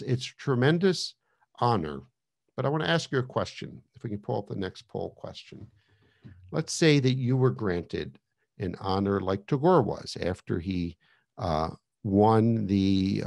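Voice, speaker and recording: A man's voice: fairly low pitch, vocal fry, darkish tone. A man giving a casual online lecture over a video call, chatty, with many fillers and restarts.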